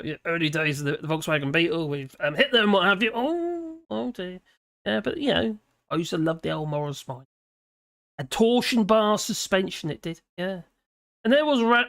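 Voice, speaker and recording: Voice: medium pitch, a bit bright, no room sound, clean studio sound. A chatty British live-stream host in their fifties with a mid-range voice. They read from notes, then drift into long personal tangents, chuckling as they go before pulling themselves back on track. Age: 50s. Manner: rambling, chatty, often laughing and wandering off topic. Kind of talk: casual commentary reading and digressing.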